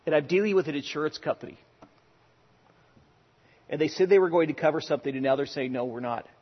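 Husky-voiced pastor preaching in a hall. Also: male voice, on the high side, quick pace, lo-fi sound. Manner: conversational preaching with personal anecdotes, swings from loud to hushed. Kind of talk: sermon.

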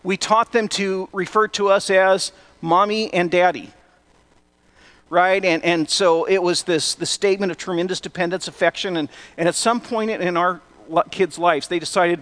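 A middle-aged male pastor with a high voice preaches a relaxed, conversational sermon. He breaks in with wry, self-deprecating asides. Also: normal speed.

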